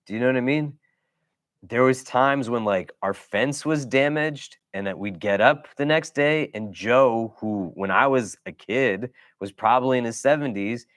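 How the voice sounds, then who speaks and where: A man's voice: medium pitch, fairly bright tone, no room sound. A middle-aged man from the United States, an imam giving a weekly religious lecture in a casual, conversational way, often checking in with "do you know?".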